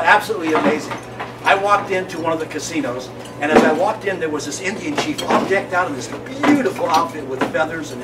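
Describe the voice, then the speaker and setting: A man doing stand-up comedy at a lunch event, telling folksy jokes loudly with punchlines. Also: a little high. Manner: loud, folksy, punchline-driven. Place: banquet room during a lunch. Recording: distant mic with loud room noise and clinking dishes.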